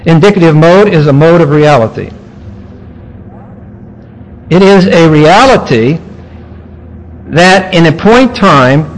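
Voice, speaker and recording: Slow, emphatic male preacher. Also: fairly high pitch, poor audio. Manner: teacherly, explaining grammar point by point with emphatic pauses. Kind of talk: expository sermon.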